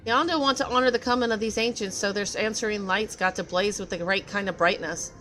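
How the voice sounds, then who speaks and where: A woman reading game dialogue aloud as a gruff, self-loathing male craftsman who grumbles and curses in a rough dialect. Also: medium pitch, brisk, a bit bright, faint music behind, natural voice. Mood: grumbling.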